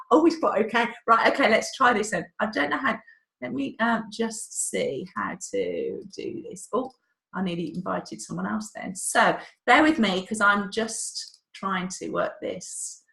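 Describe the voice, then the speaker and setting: A woman's voice: mid-range voice, a bit bright, roomy sound. A woman hosting a live webinar, chatty and a little flustered by the technology. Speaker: webinar host.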